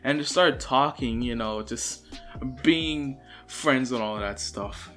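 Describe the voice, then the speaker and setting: A man's voice: medium pitch, takes it slowly, pushed and bright, soft background music. A young man casually narrating a fan story, rambling and giggly. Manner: rambling, giggly, self-conscious. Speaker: video storyteller.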